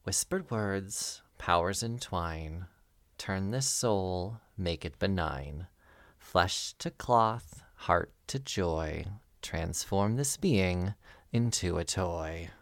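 Low, slow, hushed hooded witch chanting a rhyming curse, put on by a man narrating. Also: lively intonation, no echo, clean studio sound, full character voice. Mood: ominous. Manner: slow, hushed incantation in rhyme.

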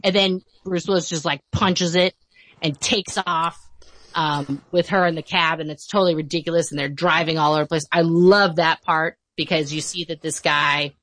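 A woman guest in casual podcast chat, animated in retelling scenes and quick to laugh, with kids of her own. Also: low-pitched, no room sound.

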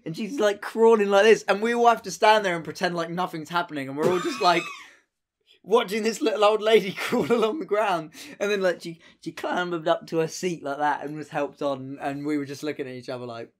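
A man's voice: high voice, a little fast. A young man telling a rambling, sweary anecdote in casual chat, full of fillers.

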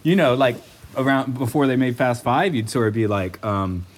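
A man's voice: medium pitch, animated, normal speed, slight background noise. A man co-hosting a casual podcast, rambling with fillers and frequent laughter. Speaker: podcast co-host. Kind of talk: casual chat.

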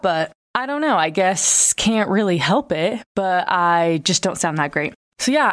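A woman of twenty-five hosts a casual podcast in a congested, nasal voice from a broken nose. She sits a touch lower in pitch than most women. Her talk is candid and chatty, full of fillers and swearing. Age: 20s. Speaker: podcast host. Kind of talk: casual chat.

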